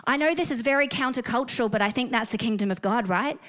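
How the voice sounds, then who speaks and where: A woman's voice: fairly high pitch, fast talker, a bit bright. A woman with an Australian accent preaching a sermon, earnest and storytelling, rising to fervent emphasis.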